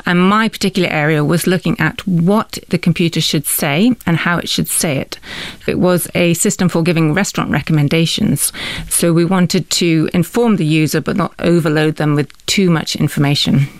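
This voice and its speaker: A middle-aged woman from Scotland, an AI researcher, calmly explaining her work as an interview guest. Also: deep voice, moderate pace, dry recording. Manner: calm, explanatory. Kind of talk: measured interview answers.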